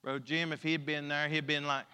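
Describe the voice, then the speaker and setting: Pastor, male, high bright voice, emphatic drawn-out preaching with humor, church hall reverb. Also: flat delivery, smooth. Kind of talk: sermon. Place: church sanctuary.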